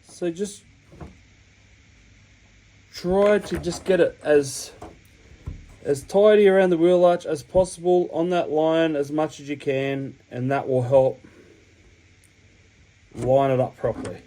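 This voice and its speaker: Australian man, sniffly with a cold, casual hobby tutorial, rambling and chatty, fairly high voice. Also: fairly even intonation, slow, pauses often, mellow, low-quality recording. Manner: rambling, chatty, self-correcting explanations. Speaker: hobby channel host. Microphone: camera mic while working.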